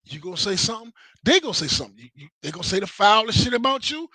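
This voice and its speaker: A man's voice: high voice, big pitch swings, racing, bright, forceful tone, dry recording, low-quality recording. A man on a podcast, talking heatedly and profanely, repeating himself and acting out quotes. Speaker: podcast host. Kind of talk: heated casual chat.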